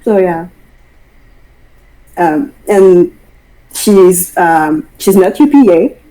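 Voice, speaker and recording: Shy woman player, slow and flustered, mellow voice. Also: lowish voice, lively intonation, low-quality recording. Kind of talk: casual tabletop play.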